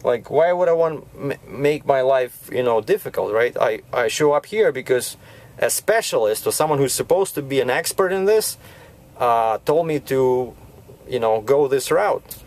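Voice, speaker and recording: A man's voice: mid-range voice, lively intonation, moderate pace, a little mellow. A man who drives a truck, telling a rambling story from his cab in a casual vlog, full of restarts and "you know, right?".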